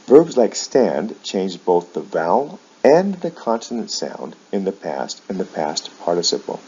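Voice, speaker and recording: A man teaching English verb forms, saying each example word slowly and carefully. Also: sits low, a little mellow, slightly rough. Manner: slow, careful enunciation of example words. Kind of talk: slow explanatory pronunciation lesson. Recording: dull lo-fi sound.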